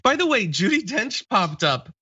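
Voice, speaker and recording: A male talk-show host chatting casually with his co-host, laughing easily and joking at his own expense. His voice sits a little high and moves a lot, bright and forward. The sound is dry and a bit muffled, with the top end dulled. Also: big pitch swings, moderate pace, husky, no echo. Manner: laughs often, chatty and self-mocking.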